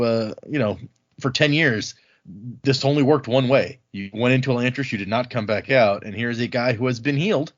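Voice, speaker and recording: Animated man retelling a story. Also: medium pitch. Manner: animated retelling, acts out characters' lines. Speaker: podcast host retelling the chapters. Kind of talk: casual book-club chat. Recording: slightly muffled lo-fi audio.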